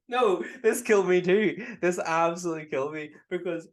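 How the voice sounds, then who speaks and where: A man with a Northern Irish accent, co-hosting a casual film podcast, animated and often laughing as he retells scenes. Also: sits high. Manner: animated, laughing, swearing, quotes lines in put-on voices. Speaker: podcast co-host. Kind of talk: casual chat.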